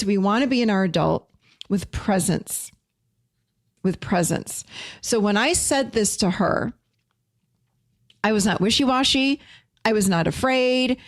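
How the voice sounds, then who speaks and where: A woman's voice: mid-range voice, no room sound, clean studio sound. A woman hosting a casual talk to listeners, speaking emphatically and repeating key phrases for weight. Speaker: podcast host and teacher.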